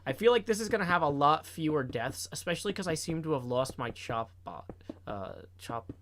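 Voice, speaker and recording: A man streaming a game and chatting casually, rambling with playful deadpan jokes. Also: a little high, fairly quick, a little hiss or hum. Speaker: streamer and co-host. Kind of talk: casual chat while gaming.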